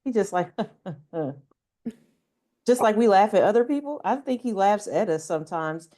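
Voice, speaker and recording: Female co-host, mellow warm tone, easy conversational musing. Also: medium pitch, lively intonation, a little fast. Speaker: podcast co-host. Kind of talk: casual chat.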